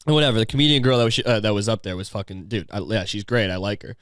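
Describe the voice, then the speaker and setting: A man's voice: on the low side, rapid-fire, a bit bright, clear, resonant tone, dry recording, clean studio sound. A man hosting a comedy podcast, ranting in a crude, sarcastic, rambling way. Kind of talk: crude casual rant.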